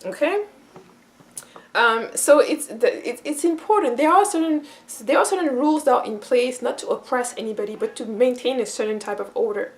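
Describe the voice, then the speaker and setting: A high-pitched woman talks through a relaxed explanatory monologue as a cultural teacher. She circles back on her words, restarting phrases as she thinks. She brings quoted speakers to life with animated shifts in her voice. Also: a little fast, hardly any pauses. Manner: repeats and restarts phrases while thinking aloud.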